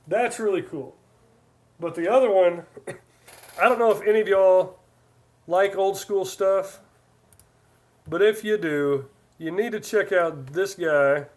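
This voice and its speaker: Chatty man in his forties, higher voice. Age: 40s. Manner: rambling, chatty, reads chat aloud. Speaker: livestream host. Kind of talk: casual live-stream chat.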